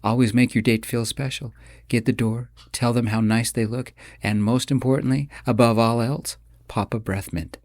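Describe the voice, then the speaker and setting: A man's voice: medium pitch, steady tone, normal speed, darkish tone, no echo, studio quality, close to an everyday voice. A man voicing a caring father giving earnest advice in an audiobook. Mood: advising.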